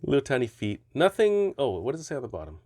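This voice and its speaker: A man's voice: mid-range voice, huge pitch swings, fast, mellow, no room sound. Guy rambling through a toy review, bouncy up-and-down voice, dry close sound. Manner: chatty, rambling, self-correcting. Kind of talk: casual product review.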